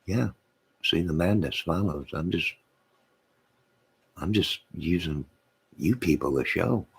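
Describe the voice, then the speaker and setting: A man's voice: sits low, lively intonation, slow pace, gravelly, breathy edge. A man hosting his own channel, rambling to his live chat, reading out comments and laughing to himself. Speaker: channel host.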